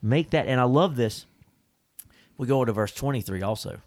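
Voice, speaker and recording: A male host with a lively, swinging voice who talks in an emphatic, preacherly way and slips in jokes. His delivery feels like casual faith talk. The sound is dry and close, with no room in it. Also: mid-range voice, moderate pace, no room sound. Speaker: podcast host.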